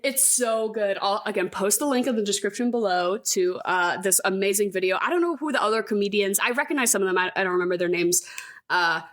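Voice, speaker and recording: A woman's voice: medium pitch, fast talker, dry recording. A woman co-hosting a podcast, casually and animatedly recapping a movie with frequent laughs. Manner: chatty, animated, laughs often. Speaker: podcast co-host. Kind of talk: casual chat recapping a film.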